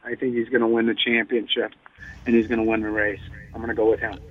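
A man calling in to a radio show as a racing reporter, chatting in a lively way and laughing easily. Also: on the low side, fast. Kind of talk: phone-in radio chat. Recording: tinny phone line.

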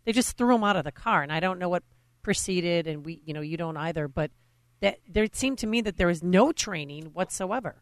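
A woman's voice: fairly low pitch, expressive, fairly quick, no echo. A woman co-hosting a radio interview, speaking earnestly and restarting her sentences. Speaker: radio co-host.

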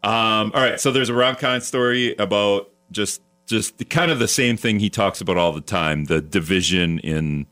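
A man's voice: lowish voice, moderate pace, few pauses, pushed and bright. Joking male radio talk host. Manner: joking, rambling with restarts. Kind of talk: casual radio chat. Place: radio studio.

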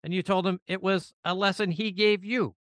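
A man hosts the interview and sets up his guest's stories with detailed prompts. His voice is bright, crisp and fairly high. The sound is close and dry. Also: fairly even intonation, normal speed, no echo. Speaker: podcast host. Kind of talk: interview questions.

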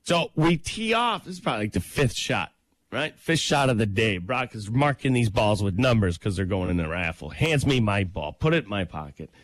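A man's voice: fairly low pitch, sing-song, normal speed, no echo. A man co-hosting a morning radio show, telling a playful, jokey story in casual banter.

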